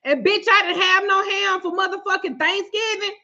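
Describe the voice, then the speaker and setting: Brief: high, bright woman host, swearing storyteller, muffled lo-fi recording. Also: normal speed. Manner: profane, animated storyteller, laughing often. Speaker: tarot reader and vlog host. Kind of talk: casual storytelling to viewers.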